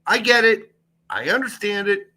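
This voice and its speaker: A man's voice: sits high, lively intonation, normal speed, sharp tone. A man co-hosting a casual soccer podcast, talking in a dry, sarcastic and profane way. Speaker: podcast co-host.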